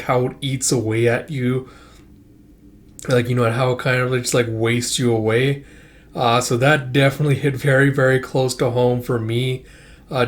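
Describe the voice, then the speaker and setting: A man talking through his thoughts on a comic book in casual reaction commentary, rambling with heavy filler words and casual swearing. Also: mid-range voice. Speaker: comic reviewer.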